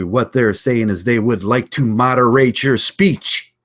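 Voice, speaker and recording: On his own channel, a man delivers a blunt, combative rant, repeating lines for emphasis. His voice sits fairly low with a steady tone, a fairly bright quality, and a slightly slow pace.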